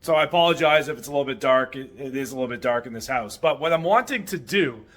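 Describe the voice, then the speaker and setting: Male vlog host, casual and upbeat, thinks aloud to a handheld camera, mid-pitched, recorded indoors. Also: animated, fast talker, a bit bright. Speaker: vlog host and short-term rental owner. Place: indoors in rental houses, moving around.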